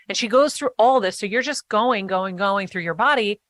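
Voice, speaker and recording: A woman guest in a casual interview chat, talking eagerly in animated bursts with quick restarts. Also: medium pitch, no echo.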